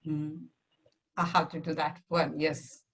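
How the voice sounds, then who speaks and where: A woman whose first language is not English shares her weekly plan in a casual video call, hesitant and soft-spoken, with many fillers. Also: sits low, flat delivery, takes it slowly, rough recording. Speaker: community member sharing weekly plan.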